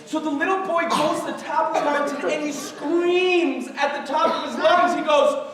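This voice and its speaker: A man's voice: very high-pitched, brisk, fairly bright tone, distant mic, slight background noise. Playful man telling kids a story in an echoey hall. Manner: playful, theatrical, mixing jokes into the story. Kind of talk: storytelling to children at a family night. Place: mosque hall. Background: children in the audience calling out.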